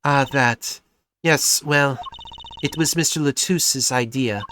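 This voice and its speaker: A man voicing a calm, composed female singer in a game, using a put-on vague European accent and speaking formally. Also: medium pitch, slow, a little hiss or hum, pitched above the performer's own voice. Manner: formal and polite.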